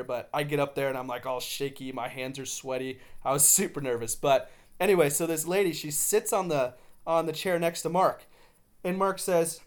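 A man's voice: fairly high pitch, a little fast. A man hosting his own podcast, telling a story with enthusiasm and quoting others in his own voice. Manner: frequent restarts and fillers, enthusiastic. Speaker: podcast host. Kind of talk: casual storytelling monologue.

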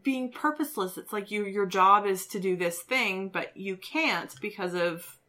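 A woman's voice: mid-range voice, unhurried, bright, forceful tone. A woman with a mid-range voice co-hosting a casual podcast. She talks emphatically and a little exasperated, piling up filler words as she reasons things out. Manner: exasperated, emphatic with many likes. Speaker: podcast co-host. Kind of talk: casual chat.

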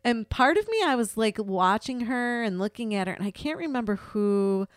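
Chatty woman with a smooth, dry voice. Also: fairly high pitch, normal speed, dry recording. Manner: chatty, swears freely, animated storytelling. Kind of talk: casual chat.

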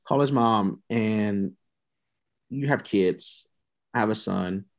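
This man, who founded a youth mentoring program, talks slowly in a lowish voice while recounting his story on a podcast interview. Earnest and heartfelt, he repeats points to give them weight, sometimes nearly breaking into tears.

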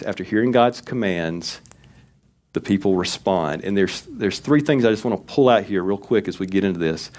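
A man's voice: deep voice, darkish tone. A man preaching a conversational, folksy sermon in a church, reading scripture with emphasis. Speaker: pastor.

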